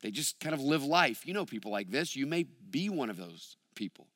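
A man preaching a sermon as a pastor, reading scripture and stressing key phrases with deliberate emphasis. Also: medium pitch, sing-song, fairly bright tone, no room sound, clean studio sound, long reverb tail.

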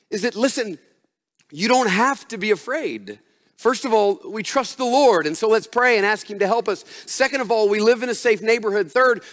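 High-voiced man preaching in a reverberant hall. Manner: conversational, animated preaching with acted asides. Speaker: pastor. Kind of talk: sermon.

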